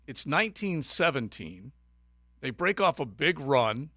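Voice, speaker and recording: A man's voice: mid-range voice, sing-song, a little slow, sharp tone, dry recording. A man hosting a sports radio show, rambling through his betting losses with self-mocking humor. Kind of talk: casual sports radio banter. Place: radio studio. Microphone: studio microphone.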